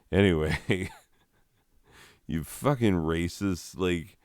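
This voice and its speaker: A man's voice: sits low, takes it slowly, darkish tone, clear, resonant tone, no room sound, clean studio sound. A man doing a crude, sarcastic comedy rant full of swearing. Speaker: comedian ranting.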